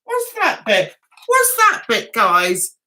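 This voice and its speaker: Giggly, lively woman vlogger. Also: fairly high pitch, takes it slowly. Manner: rambling and giggly, chatting directly to viewers. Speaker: vlogger hosting a livestream. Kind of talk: casual livestream chat.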